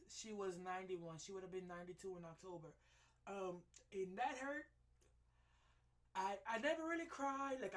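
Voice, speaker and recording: A woman's voice: medium pitch, a bit bright. Rambling woman in her late 20s. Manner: rambling and halting, many fillers, self-correcting; candid and heartfelt. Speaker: vlogger. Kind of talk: casual personal update to viewers.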